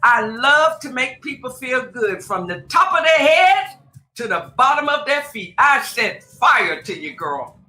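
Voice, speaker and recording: A woman's voice: high voice, sing-song, unhurried, sharp tone, soft background music. A woman spiritual advisor from Tacoma, Washington, talking as a guest on a radio show. She speaks emphatically and with exclamation, calling the host "girl" and "honey.". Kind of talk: casual preachy radio chat. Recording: echoey room, faint noise.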